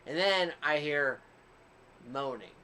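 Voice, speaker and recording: A man's voice: on the high side, animated, slow pace, slight background noise. A man co-hosting a casual podcast, telling a long rambling story with frequent laughs and asides. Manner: self-described quieter one. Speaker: podcast co-host.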